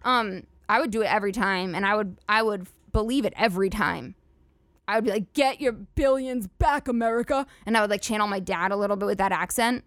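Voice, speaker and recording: A woman's voice: medium pitch, fairly even intonation, fast, fairly bright tone, no echo, studio quality. A young woman hosting a solo comedy podcast, ranting in a chatty, sarcastic, profane way full of "like" fillers. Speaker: podcast host.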